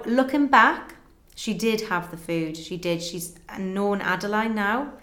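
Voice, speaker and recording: A young woman, a guest in an interview, earnestly tells a personal story and acts out conversations in quick back-and-forth. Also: medium pitch, a bit bright. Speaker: guest telling her story. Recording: roomy echo.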